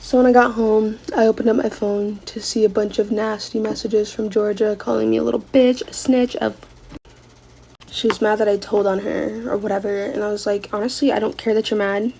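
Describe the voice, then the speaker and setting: A woman's voice: medium pitch, level tone, a little fast, gravelly, warm tone, a little hiss or hum, rough recording. A young woman telling a dramatic storytime while getting ready, casual and full of swearing.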